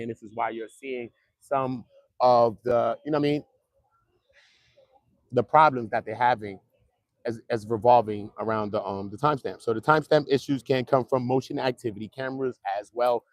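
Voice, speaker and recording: A man streaming trial updates from outside a courthouse, joking in loose street talk that swings from loud to muttered. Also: mid-range voice, dry recording, clean studio sound. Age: adult, at least 55. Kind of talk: casual live-stream chat. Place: outdoors near a courthouse.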